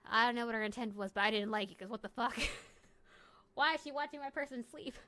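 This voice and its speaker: A grumbling, protective house pet, voiced by a woman speaks bluntly and indignantly about a stranger near its owner. The voice sits slightly high. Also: fairly quick, bright, forceful tone, slight background noise.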